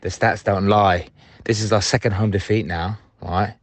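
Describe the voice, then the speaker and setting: A man's voice: fairly low pitch, steady tone, moderate pace, no room sound. A man leaving angry, sweary voicemails about a football match, recorded on a phone from a stadium seat and from his car. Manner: angry, sweary, blunt rant.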